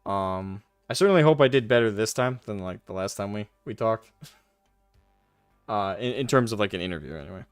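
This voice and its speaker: A man's voice: on the low side, expressive, a little fast, clear, resonant tone, no echo, clean studio sound, faint music behind. Laughing young man reading chat. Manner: laughs often, self-deprecating, swears casually. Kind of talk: casual live-stream chat.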